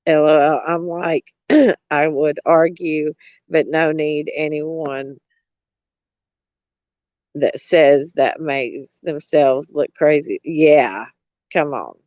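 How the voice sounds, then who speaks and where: A woman's voice: sits low, fairly even intonation, takes it slowly, long pauses, darkish tone, no room sound, dull audio. A woman, a vlogger gossiping in a blunt, mocking way, often laughing and cursing. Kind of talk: casual gossip chat.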